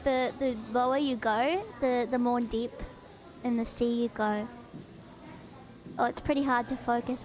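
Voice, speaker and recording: A woman streamer chatting live and reacting to what she watches, bubbly and excitable, often gasping in delight. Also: high voice. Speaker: streamer host.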